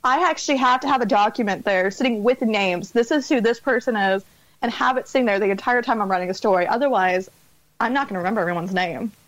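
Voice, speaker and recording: A woman's voice: a little high, fast, no echo, low-quality recording. A woman author being interviewed on a podcast, chatting casually and laughing at herself. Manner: chatty, self-deprecating, laughs often. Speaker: author guest.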